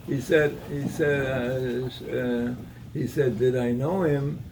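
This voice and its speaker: A man giving a Torah talk at an evening gathering, telling a story in a halting way, with many repeated words and restarts. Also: medium pitch, fairly even intonation, distant mic, noisy background.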